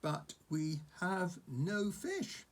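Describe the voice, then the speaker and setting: A man's voice: sits high, very animated, drawn-out words, pitched above the performer's own voice, heavily acted. A man voicing an anxious young Viking boy, earnest and flustered.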